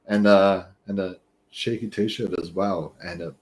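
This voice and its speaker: A man's voice: low-pitched, fairly even intonation, unhurried, a little mellow. A man hosting a podcast, chatting casually and laughing often. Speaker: podcast host. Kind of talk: casual chat.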